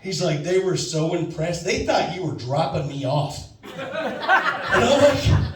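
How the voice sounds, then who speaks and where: Rambling animated male stand-up comic. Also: a little high, unhurried, crowd noise. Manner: rambling, animated, acts out his friend's lines. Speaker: stand-up comedian. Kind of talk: stand-up storytelling. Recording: echoey room from far off.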